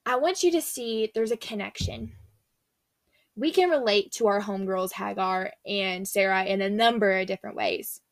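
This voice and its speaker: A woman's voice: mid-range voice, moderate pace, no echo. A young woman giving a casual devotional talk, earnest and chatty, retelling scripture in a slangy storytelling way. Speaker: faith speaker.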